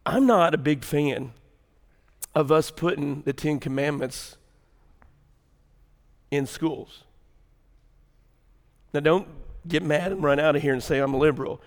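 A man preaching a sermon to a church congregation, swinging between quiet asides and shouted preaching. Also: a little high, measured pace, long pauses. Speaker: pastor. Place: church sanctuary.

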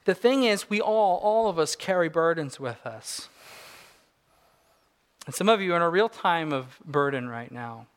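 A man in his forties preaching a sermon, earnest, moving between soft reflective passages and rising emphatic ones. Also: a little high, expressive, measured pace. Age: 40s. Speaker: pastor.

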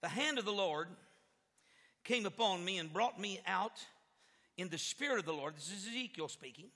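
A man preaching an animated sermon with a live demonstration, who stumbles over repeated words and works himself up to shouting. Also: sits high, moderate pace. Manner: stammers on repeated words, gets fired up and shouts. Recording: echoey hall with long reverb.

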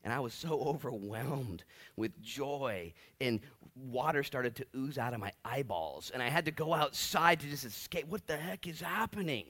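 A man in his late thirties preaching a sermon, telling stories and acting out quotes with big swings between loud and quiet. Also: mid-range voice, normal speed. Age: 30s. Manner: animated storytelling, big swings in loudness, acts out quotes. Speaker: pastor.

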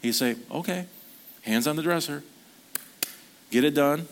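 A man's voice: fairly high pitch, normal speed, slight background noise. A man preaching a sermon at a church service, speaking earnestly in a conversational storytelling manner. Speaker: pastor.

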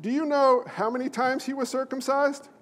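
A man with a strikingly high voice delivers a fervent sermon, pressing his listeners with question after question. His words ring out with a long, lingering hall reverb, as if from a large sanctuary. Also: fairly even intonation, normal speed, fairly bright tone. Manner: emphatic, calls out to the congregation with questions. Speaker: pastor. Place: church sanctuary.

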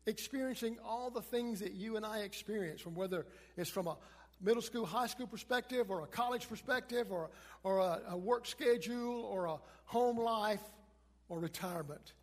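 High-voiced preacher with a husky tone. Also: male voice. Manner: dramatic, swings from loud emphasis to hushed. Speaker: pastor. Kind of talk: sermon. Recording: long reverb of a large hall.

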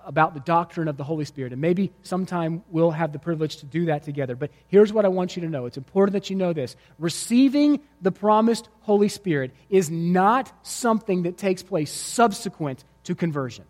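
Male pastor, sermon, high voice, emphatic storytelling, long reverb in a church hall. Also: expressive, a little fast, few pauses, darkish tone. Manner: preaching with vivid storytelling and emphatic repetition. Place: church sanctuary before a congregation.

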